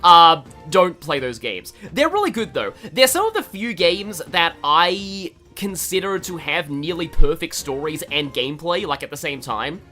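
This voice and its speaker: Faint game music runs under an Australian gaming host's casual, rambling commentary, which is chatty, laugh-filled and heavy on fillers. His slightly high voice is sing-song, pushed and bright, measured in pace with hardly any pauses.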